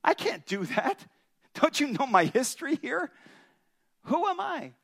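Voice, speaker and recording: A man's voice: very high-pitched, big pitch swings, measured pace, gravelly, a bit bright, voice pushed up, full character voice. A man voicing Moses as an anxious, stammering prophet full of excuses. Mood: pleading. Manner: whiny, stammering protest.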